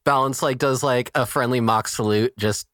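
A man's voice: medium pitch, steady tone, moderate pace, fairly bright tone, dry recording, studio quality. A man playing a tabletop game, narrating his character and talking in character in a playful, faux-innocent way. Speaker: player. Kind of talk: in-character tabletop role-play.

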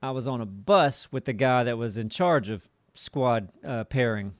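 A man's voice: medium pitch, moderate pace, dry recording. A man co-hosting a casual gaming podcast, teasing and joking with his friends. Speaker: podcast co-host. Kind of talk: casual chat.

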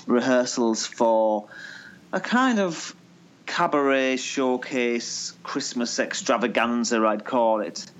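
An Irish man and actor, a guest in a casual interview, dry and brief in his answers. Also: medium pitch. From Ireland. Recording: dull lo-fi sound.

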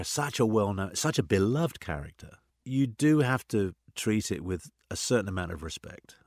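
A middle-aged man, an actor, talking in an interview in an animated, anecdotal way full of "you know" asides. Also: lowish voice, moderate pace, no echo, studio quality. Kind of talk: conversational interview.

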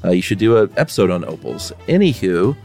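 A man's voice: low voice, sing-song, brisk, mellow, faint music behind. A man co-hosting a podcast, laid-back and wry, chatting and reading out listener mail. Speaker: podcast co-host.

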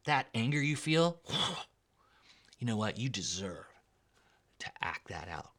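A man voicing the devil as a sly male tempter who speaks in a hushed, sighing, coaxing way. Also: medium pitch, big pitch swings, slow pace, heavily acted. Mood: coaxing whisper.

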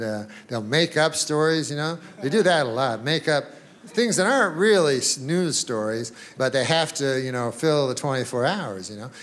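A man's voice: a little high, a bit bright. A man doing a stand-up comedy routine on a stage mic, rambling and offhand, swearing casually and chuckling as he goes.

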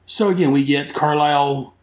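A man's voice: on the high side, steady tone, normal speed, roomy sound. A man hosting a podcast, recapping comics casually in a rambling, enthusiastic way that corrects itself as he goes. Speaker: comic book podcast host.

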